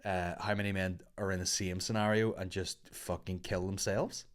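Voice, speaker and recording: A man's voice: sits low, flat delivery, moderate pace. A man, a comedian, rambling and swearing through a casual podcast monologue. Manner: rambling, sweary, laid-back.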